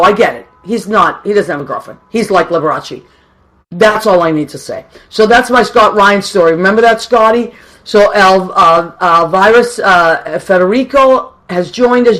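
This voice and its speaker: Woman radio host, solo live chat, warm greetings for listeners. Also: mid-range voice. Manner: chatty and affectionate, greets people warmly.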